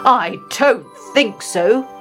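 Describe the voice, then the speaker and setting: A big, fearless billy goat growls slow defiance, as a woman reads him aloud. His voice swings widely. He is bold and unhurried. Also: fairly high pitch, lively intonation, fairly bright tone, soft background music, full character voice. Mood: defiant. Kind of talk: storybook reading.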